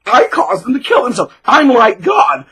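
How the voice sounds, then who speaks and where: A man mimicking a gloating, grandiose narcissist bully who shouts with manic glee. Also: very high-pitched, very animated, moderate pace, breathy edge, voice pushed up, heavily acted. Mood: manic ranting.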